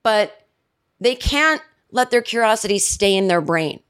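A woman in her forties hosting a podcast, telling a rambling comedic story in a chatty way and mimicking her family with shrill yells. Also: lively intonation, unhurried. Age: 40s. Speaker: podcast host. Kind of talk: casual comedic monologue.

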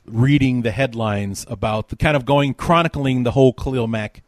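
A male podcast host chatting casually, telling a story with lively, animated energy and plenty of fillers. His voice sits at a middling pitch, recorded dry and close with no room sound. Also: moderate pace, no echo. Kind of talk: casual sports podcast chat.

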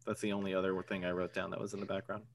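A man, co-hosting a casual podcast, rambling and joking with quick asides. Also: low voice, little pitch movement, creaky, slight background noise. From Boston area. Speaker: podcast co-host.

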